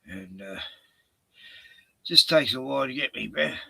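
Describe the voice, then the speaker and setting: An older man co-hosting a casual live-stream chat, short of breath and halting, with many fillers. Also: mid-range voice, animated, creaky, sharp tone, husky, dry recording, poor audio. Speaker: show co-host.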